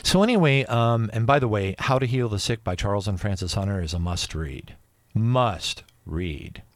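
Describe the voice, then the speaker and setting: A man in his fifties telling a personal religious testimony, rambling and emotional, with frequent restarts and excited outbursts. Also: fairly low pitch, normal speed, no room sound. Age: 50s. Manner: rambling with many restarts and asides. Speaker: religious video speaker.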